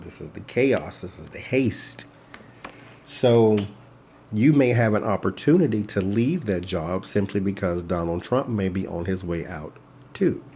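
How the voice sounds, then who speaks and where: Blunt low-voiced man reading tarot. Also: mellow, slight background noise. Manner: blunt, speaks straight to an absent person. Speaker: tarot reader. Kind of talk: casual tarot reading monologue.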